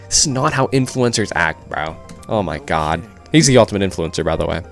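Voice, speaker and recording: Casual swearing streamer, low voice, faint music under it. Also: male voice, lively intonation, fairly quick, creaky. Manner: casual, swears freely, self-mocking. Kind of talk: playing a story game, reading lines aloud with commentary.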